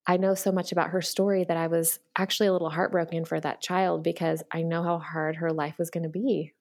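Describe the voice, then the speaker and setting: A woman's voice: fairly low pitch, little pitch movement, brisk, darkish tone. A woman speaking earnestly and candidly as a guest, with many fillers and restarts. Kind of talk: personal storytelling in conversation.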